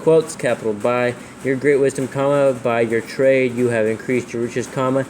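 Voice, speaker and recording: A man proofreading scripture aloud, reading slowly and calling out every comma, quote and capital letter. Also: mid-range voice, steady tone, darkish tone, a little hiss or hum. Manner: reads slowly, spelling out punctuation and capitals. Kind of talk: dictating text with punctuation.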